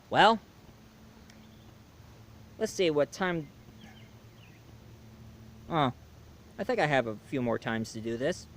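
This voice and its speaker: A man reviews a movie in a casual, rambling way. He leans on ums and restarts, and his voice sits a little high. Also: big pitch swings, slow, long pauses, slight background noise. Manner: rambling, lots of fillers.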